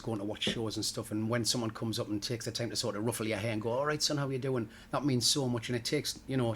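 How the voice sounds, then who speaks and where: Middle-aged man, panto comic; rapid, jokey anecdotes in an interview. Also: mid-range voice, a little hiss or hum. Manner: chatty and jokey, laughs at his own stories. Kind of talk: casual interview chat.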